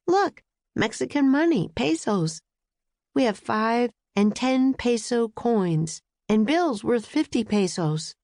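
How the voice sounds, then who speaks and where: Keen young boy, voiced by a woman in a kids' storybook, excited and earnest. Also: on the high side, takes it slowly, no echo, studio quality, pitched above the performer's own voice. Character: enthusiastic young boy, bookish.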